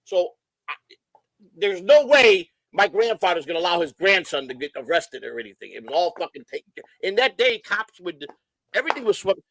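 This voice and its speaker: A middle-aged man from Chicago telling hyper, rapid stories in casual chat, swearing freely. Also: high-pitched, big pitch swings, fairly bright tone. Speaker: guest.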